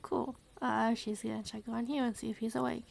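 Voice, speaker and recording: Gentle woman with a gravelly edge. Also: a little high, little pitch movement, fairly quick. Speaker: tabletop game player. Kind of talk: casual in-character play.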